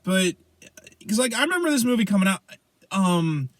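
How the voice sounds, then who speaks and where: A man's voice: high-pitched, sing-song, moderate pace, a bit bright, dry recording. A man in his late twenties, co-hosting a podcast in casual chat, rambling and profane, often stammering and restarting. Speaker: podcast co-host.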